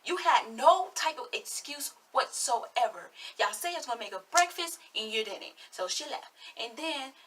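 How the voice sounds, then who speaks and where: A woman's voice: high voice, animated, moderate pace, fairly bright tone, husky, far from the mic. An eighteen-year-old woman giving sassy, blunt, chatty commentary on a reality show in her vlog. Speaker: vlogger.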